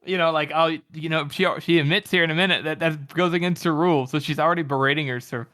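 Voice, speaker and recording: A man's voice: on the high side, steady tone, fast talker, pushed and bright. A man co-hosting a casual book podcast, chatty and laughing as he explains. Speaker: podcast co-host.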